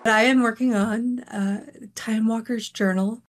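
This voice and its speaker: A woman's voice: a little high, steady tone, a little slow, loud music behind the voice. A woman author, a podcast guest, chatting casually and explaining her book series in a loose, conversational way. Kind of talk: casual chat.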